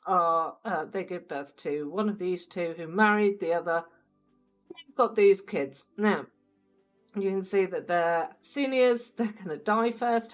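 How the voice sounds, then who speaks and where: An upbeat woman hosting her own gaming channel, chatting casually as she plays. She speaks straight to her viewers at a mid pitch, and faint music sits underneath her voice. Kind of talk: casual let's-play commentary.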